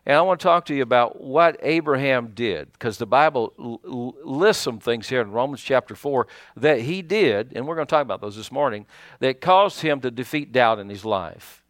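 A man preaching a sermon as pastor, in a folksy, animated way with many fillers and restarts. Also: mid-range voice, normal speed, no room sound, clean studio sound.

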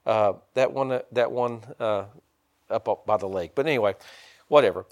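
Folksy rambling man preaching. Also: moderate pace. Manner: folksy, rambling, with many restarts; swings up high and loud when excited. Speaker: pastor. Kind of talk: sermon.

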